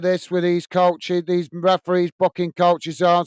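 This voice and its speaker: A man from England hosting a live football watch-along, calling the play and chatting with viewers in a chatty manner that quickly turns to ranting. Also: high voice, completely flat delivery, clean tone, no room sound. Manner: chatty, reads out viewer messages, quick to rant. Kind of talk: live football commentary and chat.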